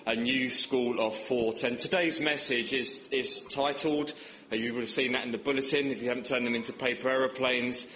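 A man's voice: fairly even intonation, moderate pace, fairly bright tone. A young man preaching a sermon in church, joking and telling stories, his voice rising for emphasis. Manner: humorous, storytelling, rises in pitch for emphasis. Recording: echoey church hall with faint background noise.

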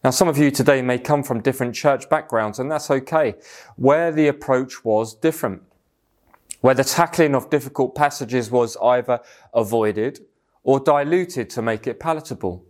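A man's voice: mid-range voice, normal speed. A man preaching a sermon in an earnest, emphatic manner. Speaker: pastor.

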